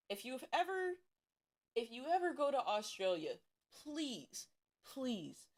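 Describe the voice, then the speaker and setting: A woman's voice: high voice, sing-song, slow pace, pauses often. A woman from Ohio chatting casually on a stream, swearing freely and repeating emphatic warnings. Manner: profane, emphatic, repetitive warnings. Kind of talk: casual livestream chat.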